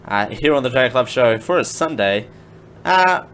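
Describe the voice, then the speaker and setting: A man's voice: medium pitch, lively intonation, moderate pace, a bit bright. A man from Australia hosting a live podcast on his own, rambling and joking, correcting himself as he reads out lists. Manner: rambling, self-correcting, jokey. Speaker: podcast host. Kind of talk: solo live podcast chat. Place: home room, window closed. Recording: faint background noise from outside work.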